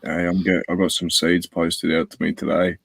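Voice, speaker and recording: A man's voice: low-pitched, flat delivery, normal speed, creaky, husky, dry recording. A man chatting casually on a live stream, rambling and swearing in slang.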